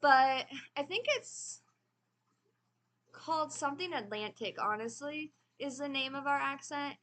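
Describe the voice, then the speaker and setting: Chatty high-voiced American woman. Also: a little slow, fairly bright tone. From United States. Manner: chatty, rambling, corrects herself mid-sentence. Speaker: book reviewer. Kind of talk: casual book review chat. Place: at a desk with a computer.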